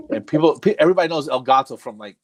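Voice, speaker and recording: A man's voice: fairly high pitch, expressive, quick pace. A middle-aged man, a comedian and dental hygienist, telling his stand-up bits in a casual interview, rambling with restarts and acting out his jokes.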